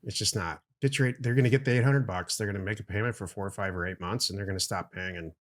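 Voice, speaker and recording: Low-voiced middle-aged man co-hosting a podcast. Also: quick pace. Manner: explains plainly, blunt opinions. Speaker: podcast co-host. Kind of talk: casual business podcast chat.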